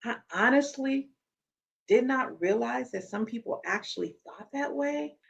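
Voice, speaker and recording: A woman's voice: a little high, expressive, unhurried, vocal fry, highs cut off. A woman hosting a podcast, explaining in an instructive tone and repeating key words for emphasis. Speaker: podcast host.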